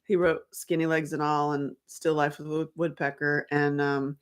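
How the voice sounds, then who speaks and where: A chatty woman talks loosely and rambles, her voice sitting a little low. She laughs often as she goes. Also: flat delivery, normal speed, smooth. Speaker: host. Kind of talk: casual chat.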